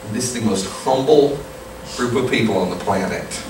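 Low-voiced pastor in an echoey sanctuary. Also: male voice, moderate pace, background noise. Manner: conversational storytelling, asks the congregation questions. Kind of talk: sermon. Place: church sanctuary. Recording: echoey hall, distant mic, room ambience.

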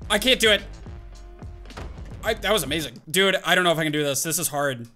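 An excitable man narrating his own gameplay, bursting into exclamations and hyping himself up. His voice sits a little high and has a bright, forceful edge. Faint music plays underneath. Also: brisk. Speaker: gaming video host. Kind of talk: live gameplay commentary. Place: at a home computer desk.

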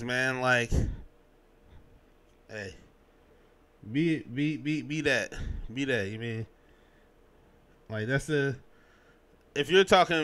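A young man hosting a podcast, giving his sports opinions in a casual, animated way, full of slang and restarts. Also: mid-range voice. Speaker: podcast host.

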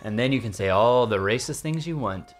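A man, a voice actor, chatting casually on a podcast in a joking, animated way. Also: medium pitch, fairly quick. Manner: joking, animated storyteller who slips into voices. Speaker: voice actor guest.

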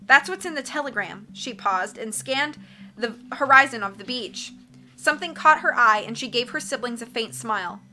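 A woman reading a storybook aloud in a bright, fairly high voice. Her narration is lively and expressive, and she corrects small slips as she goes. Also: moderate pace. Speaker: audiobook reader.

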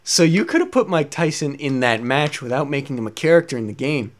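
A let's play commentator rants in angry frustration, swearing plenty and firing exasperated rhetorical questions at the game's makers. His middle-pitched voice swings widely up and down in a sing-song way, at a slightly fast pace.

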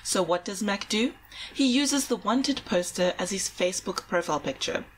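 A woman's voice: medium pitch, lively intonation, moderate pace, slight background noise, poor audio. A woman from South Africa co-hosting a podcast, telling stories in casual chat and often laughing. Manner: chatty, giggly, often breaks into laughter. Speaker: podcast co-host.

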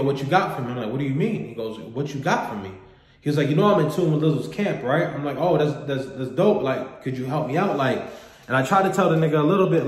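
Man telling a candid story in a roomy echo. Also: fairly high pitch. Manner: candid, profane, rambling with repeats. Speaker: vlogger telling a personal story. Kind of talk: casual storytelling monologue.

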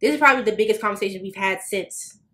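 A woman on a podcast telling a personal story in casual chat, swearing freely and acting out quotes with sudden high, loud bursts. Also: quick pace. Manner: animated, swearing, acts out quotes with big jumps in pitch. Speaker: podcast co-host.

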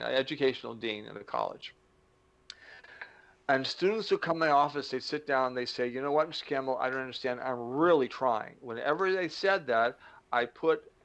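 A middle-aged man giving a motivational talk, animated, acting out little dialogues and slowing down to stress key points. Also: mid-range voice, lo-fi sound. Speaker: motivational speaker.

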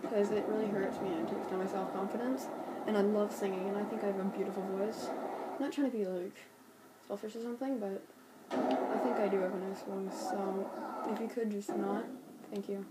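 A woman's voice: mid-range voice, steady tone, fairly quick. A woman chatting goofily to herself while commentating on a game she is playing. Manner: chatty, goofy, talks to herself. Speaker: gameplay commentator. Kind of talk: casual let's play commentary. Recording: noisy home recording.

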